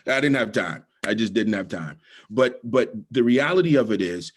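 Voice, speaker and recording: A middle-aged Bahamian man speaks as a guest at a motivational event, his low voice carrying a husky rasp. Animated and fairly quick, he shares personal stories and repeats his key lines to drive them home.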